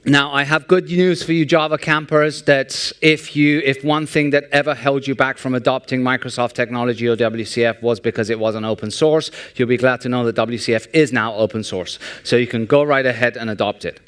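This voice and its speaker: A man giving a humorous, sarcastic conference talk in a large hall, telling jokes and anecdotes in a lively storytelling way. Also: mid-range voice, a little fast, few pauses, clean tone. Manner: sarcastic, joking, animated storytelling. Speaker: conference speaker.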